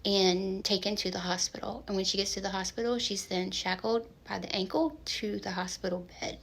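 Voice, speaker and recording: A woman talking earnestly to her followers and reading passages from a study aloud, sometimes dropping to a soft hush. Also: mid-range voice, steady tone, moderate pace, poor audio. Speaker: social media creator. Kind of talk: earnest social media commentary.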